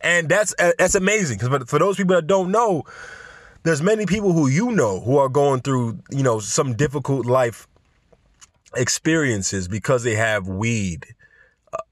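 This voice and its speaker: Male podcast host, casual and rambling, mid pitch, dry close recording. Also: expressive, normal speed, no echo. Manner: rambling, chatty, self-correcting. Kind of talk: casual podcast monologue reading news.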